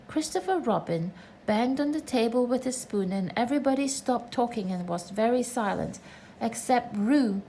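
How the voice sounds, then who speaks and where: A woman reading a children's storybook aloud in a gentle, measured way. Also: fairly high pitch, a little hiss or hum, poor audio. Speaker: reader.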